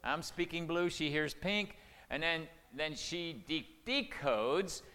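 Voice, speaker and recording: A man's voice: fairly high pitch, lively intonation, slow pace, bright, forceful tone, smooth. Older man teaching in a reverberant hall. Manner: earnest, conversational, many restarts and "okay?" check-ins. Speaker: marriage-preparation speaker. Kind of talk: folksy seminar teaching.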